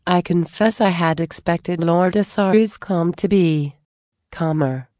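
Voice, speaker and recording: Commanding female guard captain, crisp orders, read by a woman, low and measured. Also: warm tone, no room sound, clean studio sound, close to an everyday voice. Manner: crisp, authoritative.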